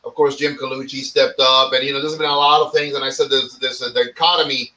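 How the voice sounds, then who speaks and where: A man's voice: mid-range voice, flat delivery, fairly quick, pushed and bright, far from the mic, rough recording. A man hosting a casual talk show, speaking bluntly and swearing, often repeating words as he starts a point. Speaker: cigar podcast host. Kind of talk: casual opinion chat.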